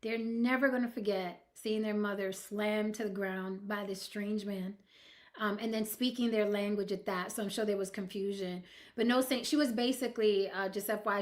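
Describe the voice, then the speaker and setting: A woman hosting a casual news commentary stream, blunt and animated, often speaking straight to her audience. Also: medium pitch. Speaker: host.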